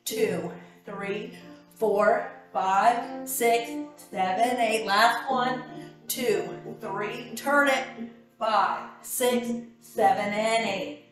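Slow-talking woman counting workout reps. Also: a little high, steady tone, far from the mic. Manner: counting reps and giving short cues. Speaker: fitness instructor. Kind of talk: workout class instruction. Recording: echoey room with background music.

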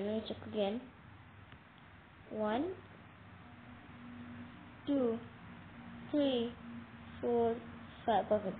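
A woman giving casual game commentary, talking straight to viewers with excitable, dramatic alarm. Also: fairly high pitch. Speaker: gameplay commentator. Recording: tinny phone-like audio with faint noise.

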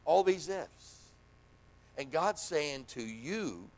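This pastor and hospital chaplain, a middle-aged man, preaches from the church sanctuary in a high, creaky voice that is expressive and unhurried. While recounting his own story, he performs the voices of those he quotes.

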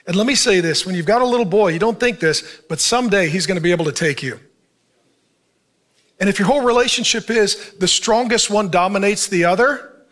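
A man's voice: high voice, a bit bright. A middle-aged man, a pastor, giving a conversational sermon, putting questions to the audience and acting out short bits of dialogue. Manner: conversational preaching, asks the audience questions, acts out quoted dialogue.

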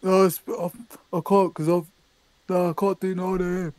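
A man with a high-pitched voice rambles through improvised comic banter. He is deadpan, stumbles over his words, and makes mock-aggressive threats. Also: moderate pace.

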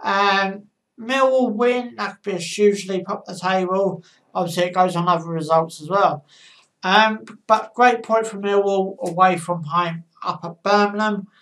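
A woman casually giving football match predictions, with a halting delivery and frequent pauses. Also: medium pitch, a bit bright. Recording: voice a bit far from the mic.

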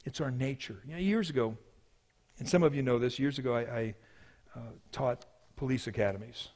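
A man preaching a sermon as pastor, telling a story with swings from hushed to loud. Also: medium pitch, brisk.

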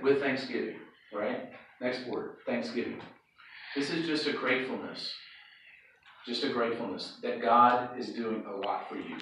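A man's voice: medium pitch, fairly bright tone, far from the mic, highs cut off, slight background noise. A man preaching to a youth group in a loose, conversational way, often stopping to ask "okay?". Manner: conversational, checks in with frequent "okay?". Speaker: youth pastor. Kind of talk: sermon. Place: church hall or sanctuary. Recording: echoey hall, speaker away from mic.

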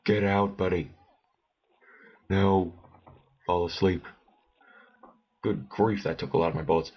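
A man with a very low, husky voice talks through a stealth game in a slow, unhurried way, muttering to himself and flaring up whenever an enemy nears. The recording is dull and lo-fi, like a cheap home microphone. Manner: muttering to himself, bursts of alarm at enemies. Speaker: gameplay commentator. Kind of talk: let's play commentary.

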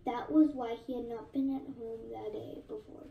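A woman's voice: a little high, normal speed, creaky, far from the mic, muffled recording, a little hiss or hum. Woman reading a novel aloud, echoey room. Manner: steady, with small slips and self-corrections. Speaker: narrator.

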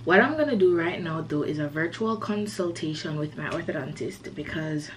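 A woman's voice: low-pitched, animated, normal speed, slight background noise. A young woman, a college student, chatting casually to camera in a vlog, full of "like" and a little self-conscious. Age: young adult. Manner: chatty, peppered with "like".

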